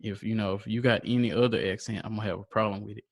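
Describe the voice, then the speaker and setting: A man's voice: lowish voice, fairly even intonation, rapid-fire, vocal fry, no room sound. A man hosting a podcast in casual chat, laughing often and putting questions to his co-hosts. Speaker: podcast host.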